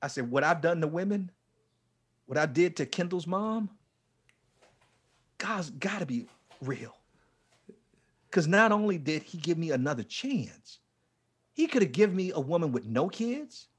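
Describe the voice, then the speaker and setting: A man in his forties, a ministry leader, telling his life story with strong emotion, dropping to a hush and then rising almost to a shout. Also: on the high side, sing-song, a little slow, pauses often, slightly rough. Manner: passionate, swings from hushed to near-shouting. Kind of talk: emotional testimony in an interview.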